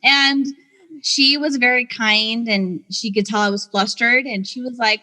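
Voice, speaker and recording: A woman speech pathologist telling a story in a casual, animated way, acting out quoted voices and laughing often. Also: a little high, normal speed, in a large hall, rough recording. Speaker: guest speech-language pathologist.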